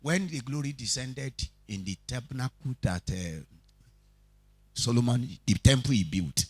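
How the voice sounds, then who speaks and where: Nigerian male Bible teacher, husky and lively, questions the room, dry close sound. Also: mid-range voice, unhurried, dry recording. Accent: Nigerian, Yoruba-speaking. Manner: preachy, asks the audience questions, animated storytelling. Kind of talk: teaching sermon.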